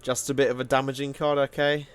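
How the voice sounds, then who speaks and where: A man's voice: medium pitch, flat delivery, fast talker, clean tone, faint music behind. A man giving casual, self-mocking commentary while playing a card game, often laughing at himself. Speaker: gaming video host.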